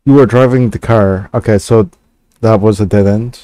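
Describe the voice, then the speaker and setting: Low, mellow-voiced man reading a game aloud. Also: steady tone, moderate pace, dry recording. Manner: hesitant asides with fillers and restarts. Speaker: gaming channel host.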